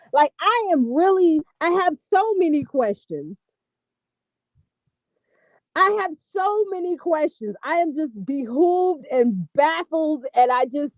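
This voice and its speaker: A woman giving casual gossip commentary on a vlog, talking in an animated, profane, exasperated ramble. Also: high-pitched, no room sound, dull audio. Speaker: vlogger.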